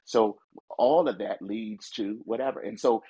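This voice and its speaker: A middle-aged man, a pastor, talking casually and jokingly on a podcast, animated and repeating himself as he goes. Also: lowish voice, a little slow, breathy edge, rough recording.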